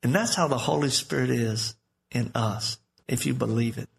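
A man's voice: medium pitch, moderate pace, gravelly. A man preaching a live sermon in a conversational, storytelling way.

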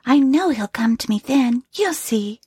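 A woman reading an audiobook, voicing a gentle, hopeful young expectant wife in a soft, wistful way. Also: a little high, animated, measured pace, breathy edge, no room sound, voice pushed up, full character voice.

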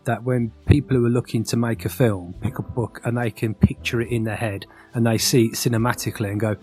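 A man's voice: mid-range voice, fairly even intonation, fast talker, a little mellow, soft background music. A man co-hosting a casual podcast about a book and its film, rambling, correcting himself as he goes, and steering the questions. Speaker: podcast co-host.

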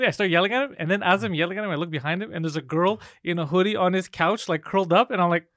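A man with a slightly high, quick voice rants through a story on a podcast, swearing freely. He acts out both sides of the argument. The sound is dry and close. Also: fairly bright tone, dry recording. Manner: rants animatedly, acts out quoted exchanges. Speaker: podcast co-host. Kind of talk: casual podcast banter.

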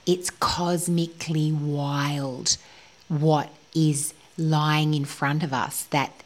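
A woman's voice: low voice, little pitch movement, extremely slow. A woman co-hosting a spiritual podcast, talking in an earnest, flowing way and sometimes dropping to a whisper. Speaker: podcast co-host.

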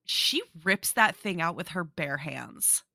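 A woman's voice: low voice, lively intonation, slow pace, creaky, sharp tone, no room sound, studio quality. A woman co-hosting a podcast in casual chat, talking in an emphatic, chatty way. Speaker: podcast co-host.

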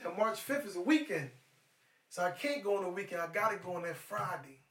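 A middle-aged man, a guest in a casual chat, telling stories in an animated, profane way. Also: high-pitched, a little fast, distant mic. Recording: echoey room, off-mic.

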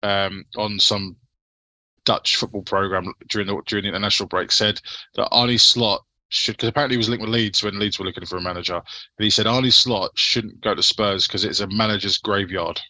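Man, podcast host, very bright tone, casual chat, rambling, swears a lot. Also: lowish voice, steady tone, fairly quick, no room sound. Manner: rambling, swears casually, asks co-hosts' views.

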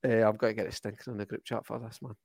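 A man's voice: fairly low pitch, little pitch movement, rapid-fire, creaky, a little mellow, no room sound. Scottish man rambling about football. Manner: rambling, restarts often, enthusiastic. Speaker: podcast co-host. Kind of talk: casual football chat.

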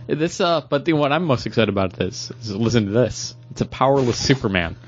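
A man co-hosting a podcast, talking casually about comic books and beer, joking with animated delivery. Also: medium pitch, brisk, a little hiss or hum. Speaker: podcast co-host. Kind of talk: casual chat. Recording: dull lo-fi podcast audio.

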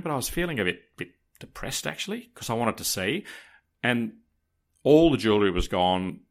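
A man, telling a dramatic personal story to podcast listeners in a casual, animated way. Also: fairly low pitch.

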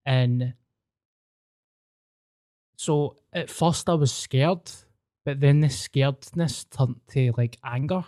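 A Scottish man with a mellow, relaxed timbre tells stories on a podcast. His talk is casual and peppered with swearing. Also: mid-range voice, slow pace, pauses often. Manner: sweary, storytelling. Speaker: podcast host. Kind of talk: casual chat.

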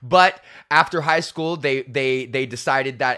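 A young male comic hosting his own podcast, his voice bright and forceful. He rambles and swears freely through a solo rant, laughing at his own jokes and slipping into mocking voices for the people he quotes. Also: medium pitch, unhurried, clean tone. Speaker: podcast host.

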